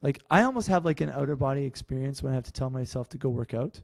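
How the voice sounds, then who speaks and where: A man co-hosting a podcast and teaching karate, chatting in a rambling, animated way full of "like" and "right?". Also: medium pitch, quick pace, gravelly, no echo. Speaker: podcast co-host and karate instructor. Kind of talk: casual podcast chat.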